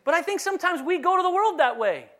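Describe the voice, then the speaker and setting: Man, pastor, conversational sermon, bright tone, swings between loud and quiet. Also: quick pace. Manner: conversational, animated preaching with sudden drops to soft, low delivery.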